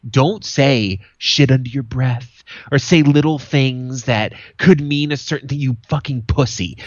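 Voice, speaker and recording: A man's voice: mid-range voice, measured pace, hardly any pauses, dry recording, muffled recording. A male podcast host telling stories in casual chat, blunt and profane.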